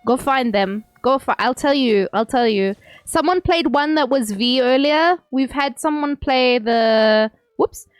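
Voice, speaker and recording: A woman's voice: high-pitched, unhurried, clear, resonant tone, no echo. A young woman livestreaming, chatting casually with viewers, reading messages aloud and laughing often. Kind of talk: casual chat with stream viewers.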